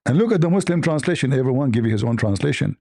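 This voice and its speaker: Man debating hard with a mellow voice. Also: mid-range voice, expressive, very fast, gravelly. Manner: argumentative, mocking, with frequent laughs; repeats points with rhetorical questions. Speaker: debate host. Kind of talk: online religious debate.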